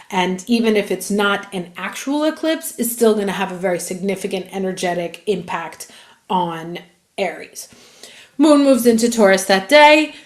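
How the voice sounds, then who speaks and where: A woman astrologer giving a chatty, casual monthly horoscope reading that runs through dates. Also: medium pitch.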